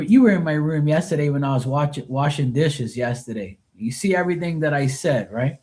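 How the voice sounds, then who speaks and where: A man's voice: fairly high pitch, expressive, fairly quick, hardly any pauses, darkish tone. A man chatting casually on a live tarot stream, rambling and swearing freely. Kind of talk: casual livestream chat.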